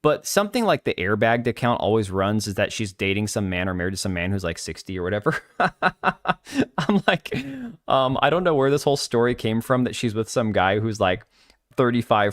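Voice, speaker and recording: A man's voice: lowish voice, expressive, brisk, dry recording, clean studio sound. A man hosting a live stream, talking in a blunt, mocking, ranting way as he reacts to the news. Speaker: livestream host. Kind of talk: casual live stream commentary.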